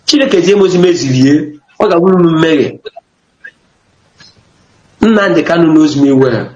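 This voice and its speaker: A man's voice: a little high, animated, normal speed, a little mellow. A man with a Nigerian accent giving a rambling testimony, switching between languages mid-sentence. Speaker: interviewee in a news clip. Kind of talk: emotional testimony in Nigerian Pidgin and Igbo. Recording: echoey, dull lo-fi clip.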